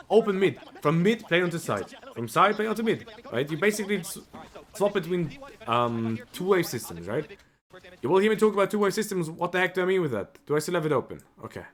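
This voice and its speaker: A man reviewing a match as a coach on a live stream, emotional and animated, often tagging his points with "right?". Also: sits high. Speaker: esports coach.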